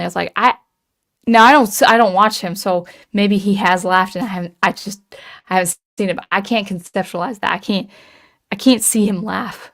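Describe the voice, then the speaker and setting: A woman's voice: fairly low pitch, fairly even intonation, normal speed. A woman hosting a livestream, reading chat comments and musing aloud in casual chat, hesitant with many ums and restarts.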